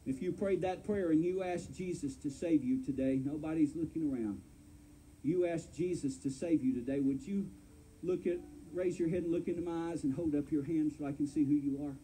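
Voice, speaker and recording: A man's voice: on the high side, moderate pace, warm tone, slight background noise, poor audio. A man preaching an earnest, folksy sermon to his church as its pastor. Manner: earnest, folksy preaching, addresses listeners as friend. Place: church sanctuary.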